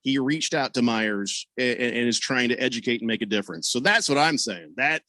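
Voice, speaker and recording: A man hosting a sports radio talk show, telling stories in a lively way and voicing the people he quotes. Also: brisk, no room sound. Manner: animated storyteller, voices quoted people with big pitch jumps. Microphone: studio microphone over video call.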